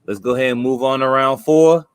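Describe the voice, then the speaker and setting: A man hosts a sneaker battle, calling each round loudly and upbeat. His voice sits in a middle register. The sound is dry, with no room around it. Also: mid-range voice, fairly even intonation, a little fast, clean tone, no room sound. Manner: loud, upbeat round calls. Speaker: battle moderator. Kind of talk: casual hosting.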